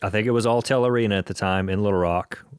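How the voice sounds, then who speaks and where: A man's voice: on the low side, fast talker, clear, resonant tone, no echo, clean studio sound. A man hosting a podcast, chatting casually with his guest like a longtime fan. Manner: fan-like, recalling concerts. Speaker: podcast host. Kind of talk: casual interview chat.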